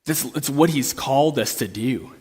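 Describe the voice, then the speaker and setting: A man's voice: medium pitch, normal speed, a little mellow, husky. A young man preaching a sermon, telling a story in a conversational way that builds to impassioned pleas.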